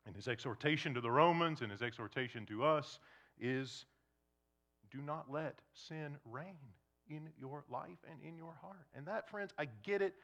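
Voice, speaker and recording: A man preaching a sermon to his congregation in a conversational, animated way, dropping to soft, intense emphasis. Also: fairly high pitch, moderate pace. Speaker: pastor. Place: church before a congregation.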